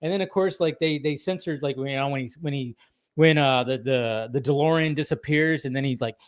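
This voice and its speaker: A man in his thirties co-hosting a podcast, talking in a rambling, animated way with lots of fillers and restarts. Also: medium pitch, a little fast, smooth. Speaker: podcast co-host. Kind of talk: casual chat.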